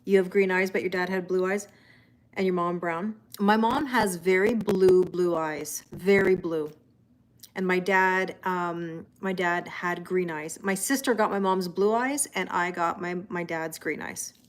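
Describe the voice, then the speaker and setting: A woman's voice: fairly low pitch, measured pace. A Canadian woman with a Canadian accent, hosting a tarot livestream in casual chat and greeting viewers by name as she reads their comments aloud.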